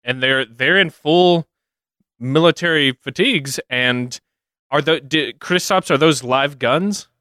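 Male co-host, slightly high, tense bright tone, quick laughs and banter. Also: no echo, studio quality. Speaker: podcast co-host. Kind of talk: casual comedic chat.

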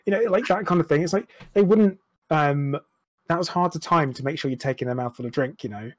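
A man's voice: a little high, a little fast. A young man talking candidly as an interview guest, frank and rambling, with restarts and self-deprecating asides. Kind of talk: candid personal conversation.

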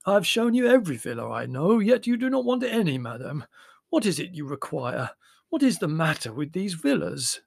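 A man's voice: fairly high pitch, very animated, moderate pace, gravelly, dry recording, voice pushed up, heavily acted. A man voicing a flustered Greek villa agent who pleads and wails in anguish. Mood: exasperated. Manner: pleading, wailing.

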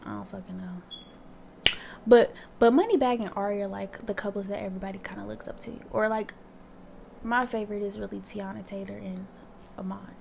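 A woman's voice: medium pitch, fairly even intonation, a little fast, vocal fry, background noise. A young woman hosting her own podcast, talking candidly in a casual monologue and swearing freely. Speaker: podcast host.

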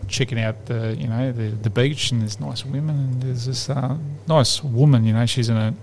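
A man's voice: mid-range voice, normal speed, slight background noise. A man, a podcast host telling a long rambling joke in casual chat. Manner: rambling, lively, laughs at his own joke.

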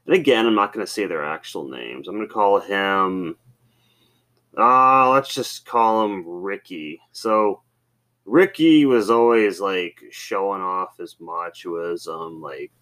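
A man's voice: sits low, animated, takes it slowly, sharp tone. A man hosting a podcast, telling rambling, casual stories with many fillers. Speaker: podcast host. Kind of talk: casual storytelling.

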